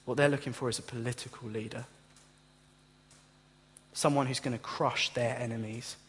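Man, pastor, impassioned sermon, husky voice, long hall reverb. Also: medium pitch, fairly even intonation, moderate pace. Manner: impassioned preaching, direct address to listeners. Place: church.

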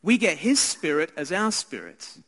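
An Australian man preaching a Christmas sermon in an earnest, conversational way, often restarting and dropping to hushed asides. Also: on the high side, huge pitch swings, normal speed. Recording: hall reverb.

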